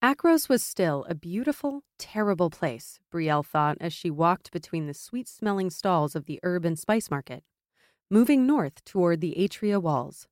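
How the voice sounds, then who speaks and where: A woman narrating a fantasy audiobook in a measured, expressive storytelling manner. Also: lowish voice, dry recording, studio quality. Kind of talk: scripted narration.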